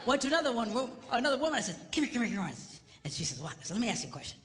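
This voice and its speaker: A middle-aged pastor delivers a comedic marriage seminar with a lively, bouncing voice, teasing his audience as he tells his stories. His voice rings out through a reverberant hall, with a faint hum of room ambience underneath. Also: very high-pitched, rapid-fire. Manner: animated storytelling, teasing the audience. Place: large hall before an audience.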